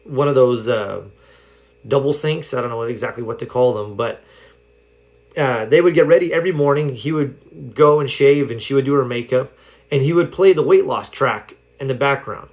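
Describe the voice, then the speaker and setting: A man's voice: medium pitch, normal speed, a little mellow. Rambling man telling stories on a livestream. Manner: rambling storytelling with many fillers. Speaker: self-help speaker. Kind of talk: casual livestream talk. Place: home livestream.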